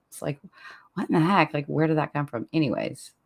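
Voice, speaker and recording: A man hosts a laid-back true crime podcast Q&A in a middle-pitched, everyday voice. He talks in loose, meandering bursts, restarting sentences and wandering off on tangents before pulling himself back. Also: brisk, vocal fry, a bit bright. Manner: rambling, self-interrupting, laughs at himself. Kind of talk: casual Q&A chat with listeners.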